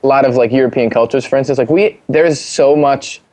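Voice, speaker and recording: A man's voice: medium pitch, a little fast. An American man chatting as a guest, telling stories with lots of fillers and restarts. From United States. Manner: animated storytelling, many fillers and restarts. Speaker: guest singer-songwriter. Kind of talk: casual interview chat.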